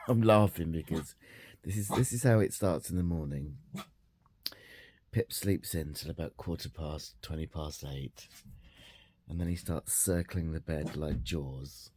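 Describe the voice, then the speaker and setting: A man talking to camera in a casual vlog, quiet and measured. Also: extremely low pitch. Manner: baby talk to his dog, excited and loud. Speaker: vlogger.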